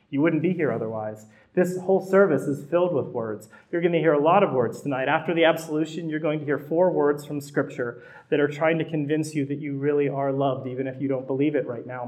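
A man's voice: medium pitch, darkish tone. A middle-aged man, a pastor, preaching a sermon in a conversational way that builds to emphatic repetition.

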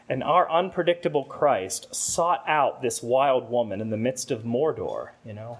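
Male preacher, mid-pitched, sermon storytelling with acted-out asides. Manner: storytelling, acts out a talking vase with rising exclamations. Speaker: rector preaching.

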